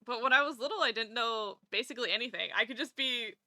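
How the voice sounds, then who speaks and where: A woman streamer chatting casually while drawing, animated, laughing often and swearing casually. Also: a little high, quick pace, no room sound, clean studio sound.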